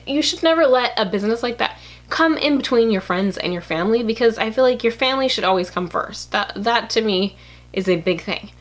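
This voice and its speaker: A woman talks straight to her viewers in a loose, unscripted way, frank and blunt, with plenty of fillers and restarts along the way. Her voice sits at an everyday middle pitch for a woman. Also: a bit bright. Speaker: YouTuber. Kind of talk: casual advice monologue.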